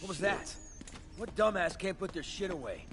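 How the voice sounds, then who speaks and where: An actor playing a crude, swearing street thug standing guard in a video game. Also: male voice, high-pitched, expressive, moderate pace, very noisy. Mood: suspicious.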